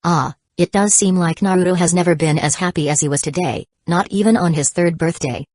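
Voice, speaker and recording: A woman voicing a calm, thoughtful young father in a storybook reading, speaking reflectively. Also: fairly low pitch, fairly quick, no echo, studio quality, close to an everyday voice.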